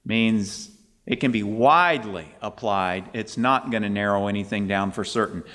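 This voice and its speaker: A man preaching a sermon, emphatic, his pitch climbing on questions and quoted scripture. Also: normal speed, a bit bright, in a large hall.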